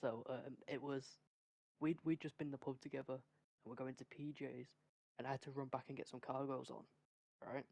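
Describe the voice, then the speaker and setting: A young man hosts a casual podcast and tells a rambling story among friends with plenty of energy. His mid-pitched voice has a gravelly fry to it. The sound is close and dry. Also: a little fast, dry recording. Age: young adult. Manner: energetic, rambling, swears freely. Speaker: podcast host.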